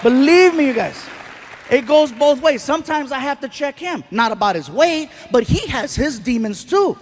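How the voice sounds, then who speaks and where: A man's voice: extremely high pitch, moderate pace, some chatter behind, a little hiss or hum. A man in his thirties performing a stand-up comedy set, telling stories and acting out the voices of the people in them. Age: 30s. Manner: animated storytelling, acts out other people's voices.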